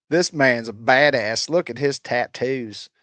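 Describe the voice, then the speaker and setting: A man's voice: medium pitch, a bit bright, no room sound. A man hosting a live stream, chatting casually and mocking commenters in a profane, rambling way. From United States. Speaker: livestream host. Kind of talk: casual livestream chat reacting to comments. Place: rural home.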